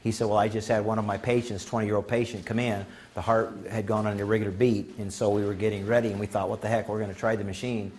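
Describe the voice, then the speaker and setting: A man's voice: lowish voice, quick pace, hardly any pauses. A man giving a conference talk, telling folksy stories and acting out the quotes of the people in them. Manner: folksy, animated anecdotes with acted-out quotes. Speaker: conference speaker. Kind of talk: storytelling talk. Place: conference room.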